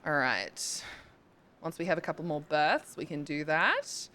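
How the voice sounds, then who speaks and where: A woman's voice: deep voice, sing-song, unhurried, pushed and bright. Chatty young woman streaming a game. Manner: chatty, thinks aloud, swears casually, bursts into squeals. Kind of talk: casual live-stream chat while playing.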